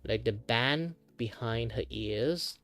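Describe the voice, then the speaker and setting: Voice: mid-range voice, slow pace, fairly bright tone, faint music behind. A VTuber from Malaysia, chatting casually while drawing on stream, with many fillers and restarts. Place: home streaming setup.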